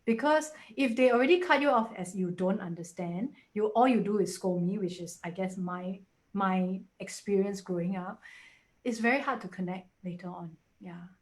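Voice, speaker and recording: A woman's voice: medium pitch, moderate pace. A woman in her forties with a Singaporean English accent, talking casually and animatedly as a guest in a webinar, often acting out quoted voices.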